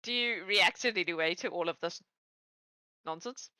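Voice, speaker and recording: A woman narrating as game master of a tabletop game, telling the story in a relaxed, playful way. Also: on the low side, normal speed, clear, resonant tone, no room sound, poor audio.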